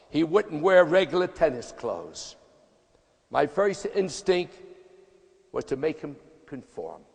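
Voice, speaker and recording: A man in his eighties giving a motivational speech in a punchy, emphatic, folksy way. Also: fairly high pitch. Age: 80s. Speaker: motivational speaker, tennis coach. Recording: echoey hall reverb.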